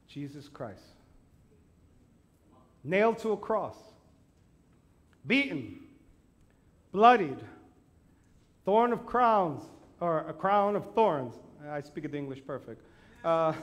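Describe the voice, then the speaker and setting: High-voiced male pastor preaching animatedly. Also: unhurried, long pauses. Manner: animated, self-deprecating humor, acts out quotes; builds to emphatic repeated declarations. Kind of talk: sermon.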